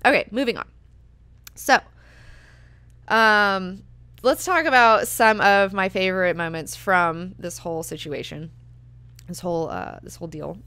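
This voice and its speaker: A woman's voice: mid-range voice, unhurried, long pauses, sharp tone, clean tone, no room sound. A young woman hosting a book club, talking casually and filling her speech with "like" and "you know". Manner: chatty, lots of "like" and "you know".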